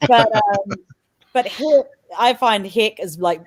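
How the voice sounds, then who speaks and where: A woman's voice: medium pitch, takes it slowly, slight background noise. A woman from New Zealand with a New Zealand accent, co-hosting a casual podcast chat and laughing often as she tells stories. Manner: laughs often, animated storytelling. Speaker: podcast co-host.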